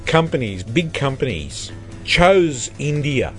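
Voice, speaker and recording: A man's voice: mid-range voice, big pitch swings, slow pace, faint music behind. A man co-hosting a comedy radio show, rambling and searching for words as he asks incredulous questions.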